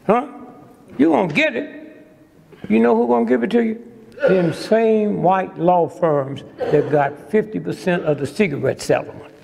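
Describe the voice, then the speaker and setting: A man's voice: on the high side, gravelly, a little mellow. A man in his eighties giving a comedic lecture to a live audience, preacherly and teasing, asking "hmm?" after nearly every point. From United States. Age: 80s. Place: large lecture hall. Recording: lecture hall with long reverb.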